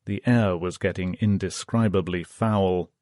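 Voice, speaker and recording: Low-voiced man reading an audiobook. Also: steady tone, measured pace, darkish tone, dry recording, clean studio sound. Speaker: audiobook narrator. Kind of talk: audiobook narration.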